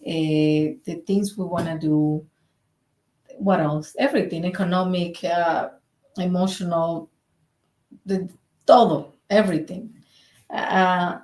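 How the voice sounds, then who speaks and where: A woman's voice: fairly low pitch, fairly even intonation, measured pace, a little mellow, reverberant. A woman from the who speaks English. She hesitates and searches for words in a casual chat. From Dominican Republic. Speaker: vlog co-host.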